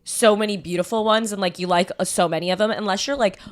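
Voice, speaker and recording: A woman's voice: medium pitch, steady tone, fast. A young woman co-hosting a podcast, chatting casually and giving blunt, profane advice. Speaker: podcast co-host. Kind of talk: casual chat.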